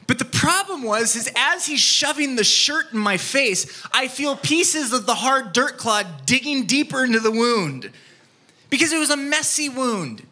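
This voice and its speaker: A man preaching a sermon, telling a childhood story with lively acted-out scenes and dropping to a soft, quiet tone for his main points. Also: very high-pitched, measured pace. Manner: animated storytelling, acts out scenes, drops soft for key points. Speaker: pastor.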